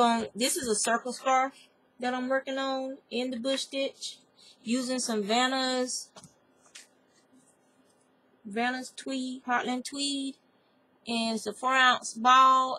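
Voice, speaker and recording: Southern lady w a husky gravelly voice, rambling crochet how-to, calls everyone y'all. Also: fairly high pitch, fairly even intonation, measured pace, pushed and bright. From American South. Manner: chatty, digressive, talks to viewers as y'all. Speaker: crochet tutorial maker. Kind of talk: casual crafting tutorial.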